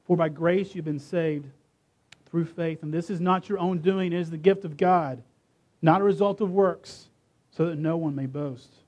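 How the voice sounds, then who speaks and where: A man with a high voice delivers a sermon, reading scripture aloud with dramatic emphasis. He leans hard on key words and slows down to stress them. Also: darkish tone. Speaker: preacher.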